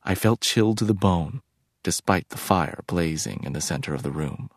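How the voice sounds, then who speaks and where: A man reading a novel aloud as narrator in a measured, reflective way. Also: low-pitched, lively intonation, no echo, clean studio sound. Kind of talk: scripted audiobook narration.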